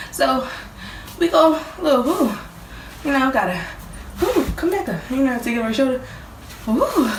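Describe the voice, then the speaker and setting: A woman's voice: high voice, a bit bright, far from the mic, a little hiss or hum. A young woman, joking her way through playful casual explanations. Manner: goofy, playful, chatty. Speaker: vlogger. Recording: roomy sound from off mic.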